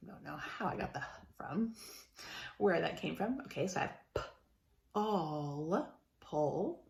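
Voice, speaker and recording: A woman teacher giving a remote phonics lesson to young children, sounding words out slowly and encouraging them. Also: sits low, lively intonation, creaky, a little mellow, roomy sound.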